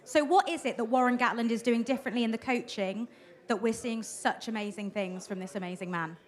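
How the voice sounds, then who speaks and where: A woman's voice: on the high side, brisk. A woman presenting audience questions at a live event, teasing the fans she introduces. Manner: cheeky, teasing.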